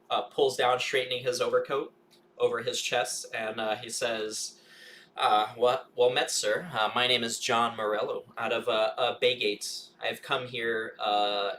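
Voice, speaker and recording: A man's voice: mid-range voice, pushed and bright, a little hiss or hum. A man playing a tabletop game, speaking in character with many hesitant fillers. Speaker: player.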